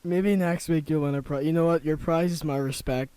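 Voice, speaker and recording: A man's voice: on the high side, steady tone, brisk, dark tone, smooth, no room sound. A man co-hosting a casual call-in show, laid-back and politely amused. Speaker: co-host.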